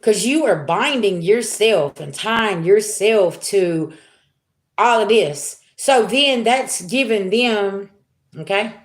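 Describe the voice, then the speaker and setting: A chatty woman reads tarot cards for her viewers at a mid-range pitch, talking to them directly and checking in again and again. Her voice rings with a roomy echo. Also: animated, takes it slowly. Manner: chatty, talks straight to viewers, frequent "okay?" and "y'all". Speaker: tarot reader. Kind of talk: casual tarot reading to viewers.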